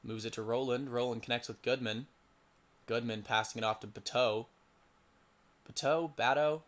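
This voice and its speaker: Young guy doing casual play by play, mid pitched voice, trips over names and mutters to himself. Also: level tone, fairly quick, a bit bright. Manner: stumbles over player names and mutters asides. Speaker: play-by-play commentator for a simulated lacrosse league. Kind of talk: casual solo game commentary.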